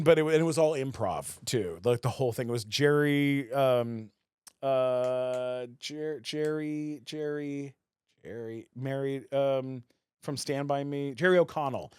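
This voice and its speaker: A man's voice: medium pitch, smooth, no room sound. A man from Canada, telling stories as a guest on a podcast and acting out other people's voices as he goes. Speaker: guest, actor. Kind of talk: casual storytelling in a podcast interview.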